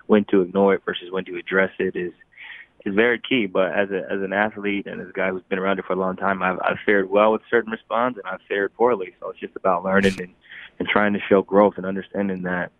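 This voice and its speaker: A young man speaking as a guest in an interview, relaxed and chuckling often, sometimes restarting his phrases. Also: sits low, no room sound. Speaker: guest athlete. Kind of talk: casual interview talk. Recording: tinny phone line.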